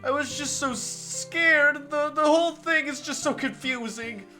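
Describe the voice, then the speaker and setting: A man voicing a sweet, tearful teenage girl from a visual novel, soft, apologetic and clingy. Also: very high-pitched, unhurried, faint music behind, pitched above the performer's own voice, full character voice. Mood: tearful, affectionate.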